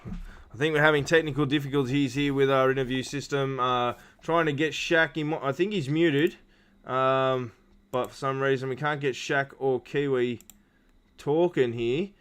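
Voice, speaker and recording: A man's voice: medium pitch, steady tone, moderate pace, fairly bright tone, smooth. A man hosting post-race interviews on a live stream, rambling with lots of fillers and restarts. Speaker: stream host.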